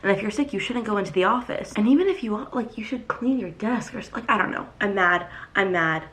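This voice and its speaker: Young woman vlogger, stuffy and sick, animated rant, casual filler-heavy talk. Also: mid-range voice, quick pace. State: congested, sick. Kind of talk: casual vlog talk to camera.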